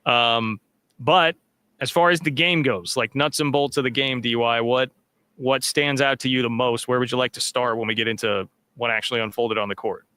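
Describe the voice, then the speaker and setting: A man's voice: mid-range voice, steady tone, moderate pace, bright, forceful tone, clean tone. A man hosting a sports podcast, chatting casually and upbeat with lots of fillers. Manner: upbeat, filler-heavy, reads sponsor plug.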